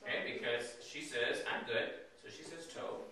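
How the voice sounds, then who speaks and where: In an echoey room, recorded from some distance, a Hebrew teacher runs his class by asking questions and adding "okay?" after every point to check understanding. He has a mid-range voice, pushed and bright, delivered at a moderate pace.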